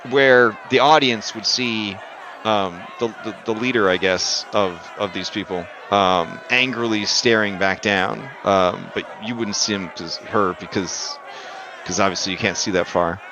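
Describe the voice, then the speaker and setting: A man's voice: fairly low pitch, a little slow, muffled recording, a crowd in the background. A man narrating a tabletop game as game master, rambling and joking with lots of fillers.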